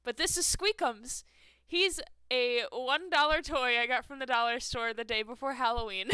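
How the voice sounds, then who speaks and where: A woman's voice: on the high side, moderate pace, sharp tone, smooth, dry recording. A young woman streaming a game from home on a headset mic, chatting casually, laughing often and poking fun at herself. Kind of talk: casual live-stream chat while playing a game.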